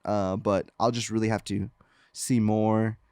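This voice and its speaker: A man's voice: fairly low pitch, a little slow, clean tone, dry recording. Easygoing male podcast co-host, chatty storyteller, dry close-mic sound. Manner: relaxed storytelling, acts out crowd reactions. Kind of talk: casual gaming podcast chat.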